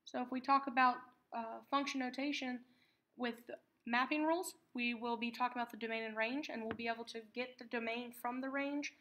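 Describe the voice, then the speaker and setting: A woman teaching a math lesson, patiently explaining terms and repeating key words slowly. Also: fairly high pitch, fairly even intonation, fairly bright tone.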